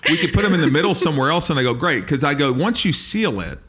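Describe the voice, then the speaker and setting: A man's voice: on the high side, expressive, rapid-fire, a bit bright. A man co-hosting a comedy podcast, telling stories in casual chat and acting out bits of dialogue. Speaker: podcast co-host.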